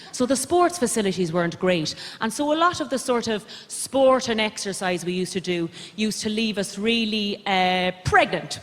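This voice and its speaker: A young Irish woman performing stand-up comedy on a theatre stage, rambling in a deadpan, self-deprecating way. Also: medium pitch, slight background noise. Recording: reverberant live theatre recording. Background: audience laughter.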